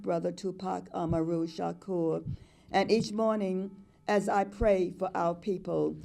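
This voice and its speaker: A woman's voice: medium pitch, vocal fry, warm tone. An older woman performing spoken-word poetry in a rhythmic, incantatory way, chanting repeated refrains. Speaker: poet.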